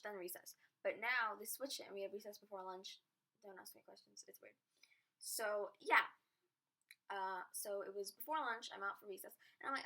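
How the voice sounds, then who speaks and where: A woman's voice: mid-range voice, fairly quick, sharp tone. A teenage girl telling a rambling, giggly story to camera, full of "like" and little asides. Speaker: vlogger. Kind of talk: casual storytime chat.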